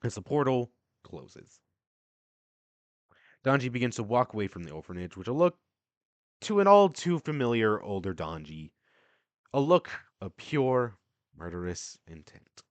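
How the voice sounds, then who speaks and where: A man narrates as game master in a tabletop game. His delivery is loose and casual, with jokes at his own expense. His pitch moves lively and the sound is close and dry. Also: normal speed, dry recording. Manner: loose, casual, self-deprecating.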